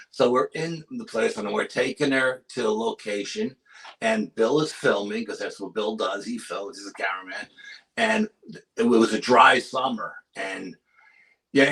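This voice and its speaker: A man with a New York accent and a lowish, gravelly voice speaks a little slowly. He's a paranormal and cryptid investigator appearing as a guest in a casual interview, animatedly telling a spooky story from the field, acting out quotes and dropping to a whisper.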